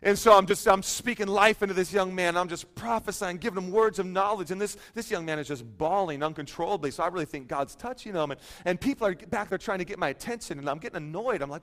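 A man's voice: high voice, fast talker, hardly any pauses, fairly bright tone. A middle-aged male pastor telling a humorous, self-deprecating story in a sermon, chatty and full of fillers.

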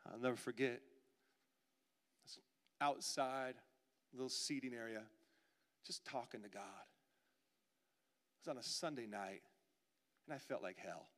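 A man preaching a sermon as pastor, swinging from loud pleading to near-whispers. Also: medium pitch, unhurried, long pauses. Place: church sanctuary. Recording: long reverb of a church hall.

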